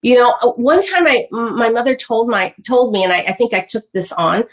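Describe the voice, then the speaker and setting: A woman guest on a podcast, telling her life story in an animated, chatty way full of "like" and "you know". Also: on the high side, a little fast. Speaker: guest author. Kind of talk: personal storytelling in a podcast interview.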